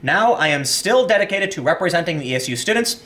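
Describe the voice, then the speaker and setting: A young man with a high-pitched voice delivers an opinionated commentary monologue. He talks in an animated way, slipping into the voices of the people in his stories, and reads news quotes aloud between his remarks. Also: quick pace. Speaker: commentary host.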